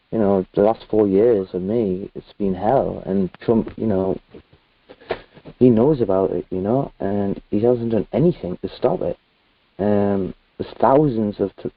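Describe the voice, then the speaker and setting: A low-pitched British man speaks earnestly and rambles, dropping in plenty of "um" and "you know." His voice comes through a thin, phone-like video call line with a dry, close sound. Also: dry recording. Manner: earnest, rambling with many fillers. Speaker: guest. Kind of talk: casual video-call chat.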